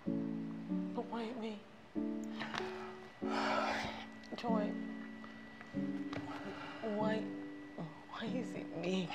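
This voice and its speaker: An actress with a Nigerian accent playing a heartbroken young woman who speaks haltingly and stumbles over her words. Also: medium pitch, long reverb tail, lightly acted. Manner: tearful, halting, repeats words. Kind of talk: Nollywood film acting. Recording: heavy film music underneath.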